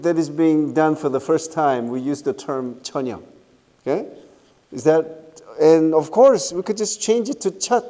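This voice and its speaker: A middle-aged Korean-accented man lectures slowly in a slightly high, mellow voice. He peppers his points with fillers and "right?" checks. The sound carries a long reverb from the lecture hall. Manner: unhurried, frequent "okay?" and "right?" checks, many fillers. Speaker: university lecturer. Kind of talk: university lecture.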